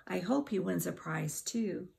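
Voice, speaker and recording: A shy little storybook girl speaks softly and gently, as a woman reads her lines. The voice is slow, low and gravelly. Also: expressive, full character voice. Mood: gentle. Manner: soft-spoken. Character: very quiet, shy young girl.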